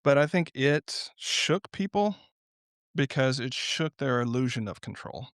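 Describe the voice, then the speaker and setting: A man talking as a guest in an unscripted podcast conversation, telling stories in a reflective but animated way and often laughing. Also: medium pitch, a little slow, no echo, clean studio sound.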